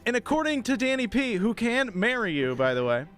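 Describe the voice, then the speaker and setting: A man's voice: very high voice, very animated, fairly quick, a bit bright, clean tone. A man co-hosting a political talk podcast in a studio, reading a news segment in a wry, playful way. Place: radio studio.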